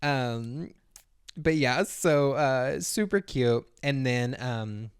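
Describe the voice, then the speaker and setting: A man's voice: mid-range voice, extremely slow, smooth, dry recording, clean studio sound. Rambling man podcast co-host. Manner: rambling, filler-heavy storytelling with mimicked voices. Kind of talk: casual episode recap.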